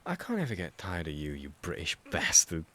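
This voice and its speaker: A man reading an audiobook, voicing a tipsy, playful young woman who is loud and teasing with her boyfriend. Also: very deep voice, huge pitch swings, brisk, no room sound, pitched below the performer's own voice, exaggerated voice.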